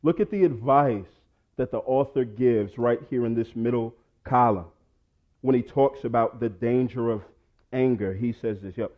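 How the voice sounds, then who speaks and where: A pastor preaching a sermon, swinging between loud urging and low quiet asides. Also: male voice, normal speed, narrow, tinny audio.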